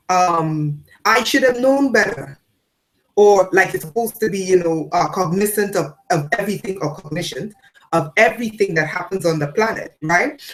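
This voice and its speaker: A woman speaking as a spiritual teacher to her followers, her voice sitting in an ordinary middle pitch. She hammers points home by repeating them. She jumps from loud declarations to low, quiet asides. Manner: repeats phrases for emphasis. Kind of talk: spiritual talk to an audience.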